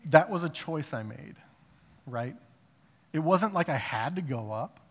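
A man giving a personal testimony in a conversational way, rising to emphatic bursts and dropping to hushed reflection. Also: fairly high pitch, animated, a little slow. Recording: long reverb of a large hall.

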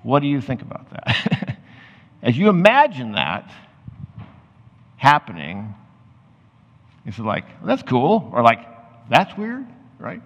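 A pastor preaching a sermon, reading scripture aloud and then explaining it in loose, conversational asides. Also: male voice, medium pitch, wildly swooping pitch, takes it slowly, long pauses, fairly bright tone. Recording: muffled sound with long hall reverb.

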